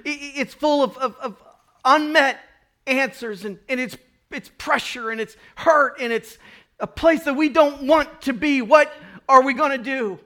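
A man's voice: extremely high pitch, pushed and bright, pitched above the performer's own voice. A man voicing a crowd of thirsty people complaining in desperation, pleading and repeating the same question during a sermon. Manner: pleading, repetitive, rising.

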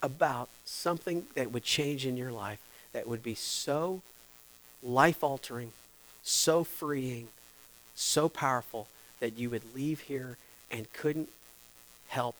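A man preaching a sermon, moving between hushed whispers and loud, impassioned stretches with lots of repetition. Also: medium pitch, lively intonation, moderate pace, slight background noise, rough recording. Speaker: pastor.

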